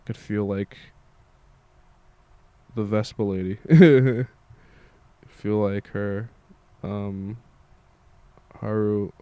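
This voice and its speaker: A man's voice: lowish voice, mellow, clear, resonant tone, no room sound. A tired young man who makes music, talking in a meandering casual monologue and swearing freely. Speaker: musician vlogger.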